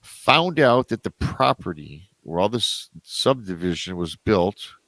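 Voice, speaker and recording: A man telling a story as a podcast guest in a casual way, animated, jumping up in pitch whenever he acts out what others said. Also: takes it slowly, no echo. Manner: animated, acts out quoted voices with big pitch jumps.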